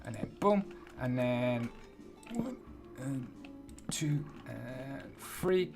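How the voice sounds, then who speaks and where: With background music playing, a man narrates his Minecraft build in an expressive, creaky, mid-range voice at an extremely slow pace. This tutorial host's commentary is casual and playful, and he counts blocks aloud as he works.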